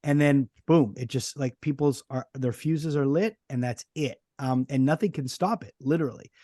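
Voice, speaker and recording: A man's voice: medium pitch, moderate pace, dark tone, no room sound, studio quality. A man from the Montreal area hosting a podcast interview, talking casually with lots of fillers and restarts. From Montreal area, Canada. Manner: rambling, hesitant, many fillers. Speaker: podcast host.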